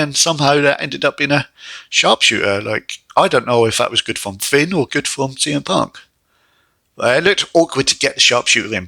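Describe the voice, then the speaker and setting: A young man giving a casual solo wrestling review, chatty and animated with exasperated asides. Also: mid-range voice, gravelly, no room sound.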